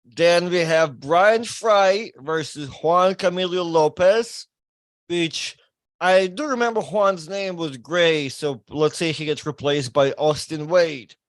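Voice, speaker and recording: A man speaks as a guest in a casual chat, running through a tournament bracket in quick, laughing asides. His voice sits high, and the sound is close and dry. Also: no echo. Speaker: podcast guest, arm wrestler.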